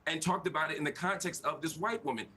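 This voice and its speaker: A man making an earnest, measured argument as a guest on a television panel debate. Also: on the high side, bright, forceful tone.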